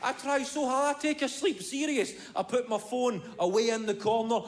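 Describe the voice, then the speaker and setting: A Scottish man in his thirties doing stand-up comedy, telling an animated, profane story. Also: extremely high pitch, normal speed, hardly any pauses.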